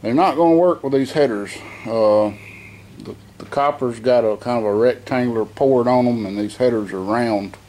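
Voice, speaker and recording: A man's voice: medium pitch, normal speed, darkish tone. Easygoing man talking shop in a garage. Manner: rambling, with frequent fillers and self-corrections; plainspoken, easygoing. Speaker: home mechanic vlogger. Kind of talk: casual shop walkthrough.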